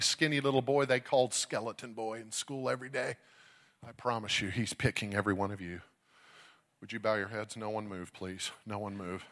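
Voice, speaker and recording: Dramatic evangelist man preaching. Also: mid-range voice. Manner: dramatic storytelling, swings from shouting to hushed. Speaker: traveling evangelist. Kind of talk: sermon.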